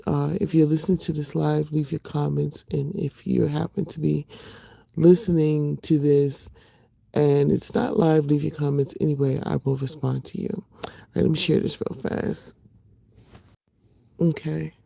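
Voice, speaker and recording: A middle-aged woman talks casually to her livestream viewers, greeting them and filling pauses with ums. Her voice is low-toned, gravelly and rough from sleep. The sound is dry and close, with no room around it. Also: little pitch movement, dry recording. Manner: chatty, warm greetings to viewers, many fillers. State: just woke up, voice rough. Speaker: livestream host.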